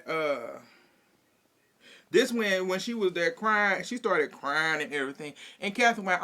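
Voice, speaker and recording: A man's voice: high voice, measured pace. Sassy, profane man recapping a show. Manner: sassy, profane, laughing, animated. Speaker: reality show commentator. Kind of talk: casual recap commentary.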